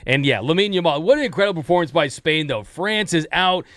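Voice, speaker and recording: A laid-back man co-hosting sports talk radio, with a slightly high voice and an easy laugh. He sounds close and dry on a studio mic. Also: expressive, quick pace, fairly bright tone, dry recording. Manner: easygoing, laughs often. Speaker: radio show co-host. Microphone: studio microphone.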